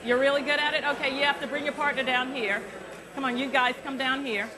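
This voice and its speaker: A middle-aged woman, a journalist, teaching an interview workshop to students through a lapel mic, chatty and lively, drawing the room in with questions. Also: sits high, brisk, a crowd in the background. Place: university forum hall. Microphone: lavalier.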